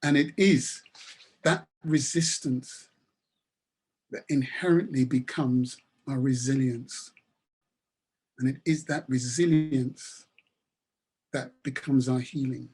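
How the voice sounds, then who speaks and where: A man's voice: medium pitch, fairly even intonation, slow, long pauses, darkish tone, slightly rough. A man giving a webinar talk and telling a story in an emphatic, repetitive manner. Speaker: webinar speaker.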